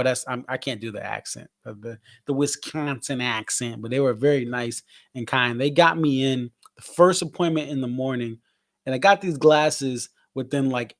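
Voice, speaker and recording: A man from Connecticut hosting a casual post-show livestream, reading fan comments and giving loose, hyped shout-outs. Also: mid-range voice, normal speed, no room sound, clean studio sound. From Connecticut, USA. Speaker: livestream host.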